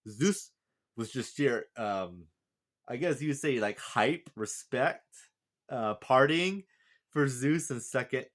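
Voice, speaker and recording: A man's voice: mid-range voice, animated, slow, a bit bright. A man casually recapping a story and reviewing a character, rambling with lots of fillers and restarts. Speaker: anime reviewer.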